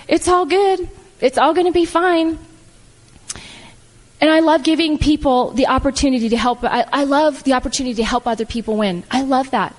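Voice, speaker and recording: Woman, middle-aged, high voice, heartfelt motivational speech, emphatic repetition, long hall reverb. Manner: heartfelt, animated, repetitive "I love" phrasing. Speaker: speaker at a business event.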